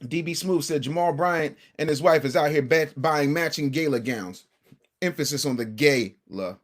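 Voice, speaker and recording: A man's voice: mid-range voice, normal speed. A man hosting a casual livestream commentary show, brash and combative, talking straight to his chat.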